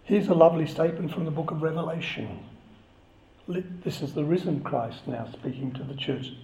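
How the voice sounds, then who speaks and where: A man's voice: a little high, fairly quick, warm tone, a little hiss or hum. A man giving a chatty, conversational sermon and joking with the congregation. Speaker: preacher. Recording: echoey, slightly dull church recording.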